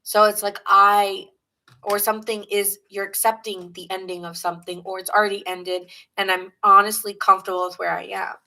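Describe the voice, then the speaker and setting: A woman with a New York accent gives a live tarot reading, chatting loosely and greeting viewers. Her voice is bright and forceful. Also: medium pitch, flat delivery, moderate pace, a little hiss or hum, low-quality recording. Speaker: tarot reader.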